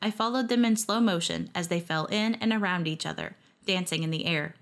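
A woman's voice: fairly low pitch, fairly quick. Wry woman narrating a story. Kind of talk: first-person story narration.

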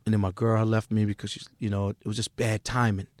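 A man's voice: lowish voice, level tone, quick pace, a little mellow, dry recording. A middle-aged man from Queens with a New York accent, a music manager telling his story bluntly and profanely as a podcast guest. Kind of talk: candid podcast interview.

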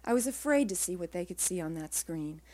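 A woman author reading her own first-person prose aloud at a live literary reading, in a measured, quiet way. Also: on the low side, lively intonation.

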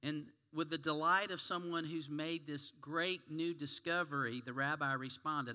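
A long hall reverb fills the sanctuary as the male pastor preaches a little slowly with few pauses. His slightly high voice sounds pushed and bright, and he mixes storytelling with questions to the congregation.

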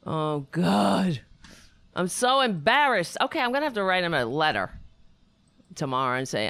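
A woman with a lowish, slightly bright voice hosts a casual livestream chat, speaking slowly with big swings in pitch. She rambles, swears a lot and puts herself down, and there's no room sound.

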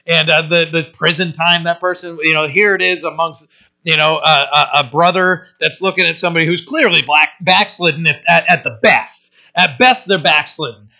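A man gives an informal Bible teaching, talking it through plainly and often tossing in "right?". His voice sits a little high and sounds bright and forceful. The recording is dull and lo-fi. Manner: conversational, often asking "right?". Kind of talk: casual verse-by-verse Bible teaching.

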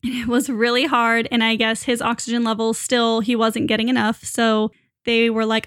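Young woman, casual storyteller, chatty and laughing, slightly high voice. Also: steady tone, moderate pace, fairly bright tone, no room sound, clean studio sound. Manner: chatty, laughs often, many fillers. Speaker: new mother telling her birth story.

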